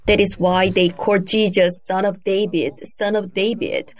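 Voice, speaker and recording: A woman preaching a sermon, retelling a Bible story in a deliberate storytelling manner. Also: mid-range voice, steady tone. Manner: slow, deliberate storytelling with emphatic raised cries for quoted shouts.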